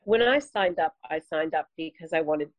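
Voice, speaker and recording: A young woman, a midwife co-hosting a podcast, telling relaxed anecdotes about being recognized. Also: low-pitched, normal speed, poor audio. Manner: relaxed, anecdotal, acts out quotes. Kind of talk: casual storytelling.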